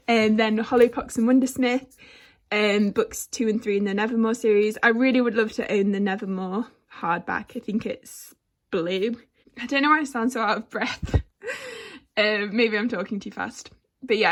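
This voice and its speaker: A young woman from England giving a casual bookshelf tour, chatty and rambling, with frequent ums and small giggles. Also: medium pitch. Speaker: book vlogger. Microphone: handheld camera.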